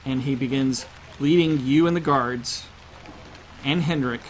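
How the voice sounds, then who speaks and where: A man's voice: mid-range voice, unhurried, a little hiss or hum. A man narrating a tabletop role-playing game as game master.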